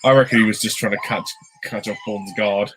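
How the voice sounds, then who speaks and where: A man's voice: lowish voice, fairly even intonation, a little fast. A man giving casual commentary on a film, mocking and bemused, laughing a lot.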